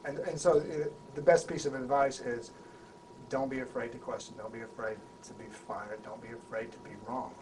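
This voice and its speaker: A man, an actor being interviewed, tells an anecdote in an animated way, restarting and repeating words as he goes. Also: medium pitch, moderate pace. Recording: voice a bit far from the mic, faint background hum.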